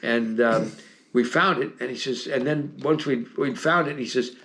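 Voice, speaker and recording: A man's voice: medium pitch, normal speed, fairly bright tone. Rambling older American man telling war stories. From United States. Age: 70s. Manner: rambling anecdotes with many restarts and fillers; chuckles often while telling stories. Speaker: interview guest. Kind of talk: casual storytelling interview.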